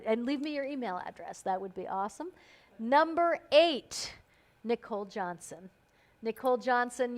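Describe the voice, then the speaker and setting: A woman hosting a live stream, chatting casually and bubbly as she calls out giveaway winners by name. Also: on the high side. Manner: bubbly, chatty, playful emphasis on names. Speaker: host.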